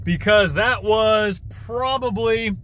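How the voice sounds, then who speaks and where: A man vlogging outdoors while dumpster diving, chatty and excitable, thinking aloud to the camera. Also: high-pitched, slow pace, a little hiss or hum. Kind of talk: casual vlog narration while dumpster diving. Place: outdoors by apartment complex dumpsters.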